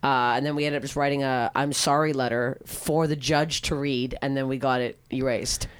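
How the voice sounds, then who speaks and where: A young woman from Canada chatting as a guest, telling stories in a lively, profane way and acting out quoted lines. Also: very deep voice, normal speed, clean tone. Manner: animated, profane, acts out quotes. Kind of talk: casual storytelling chat.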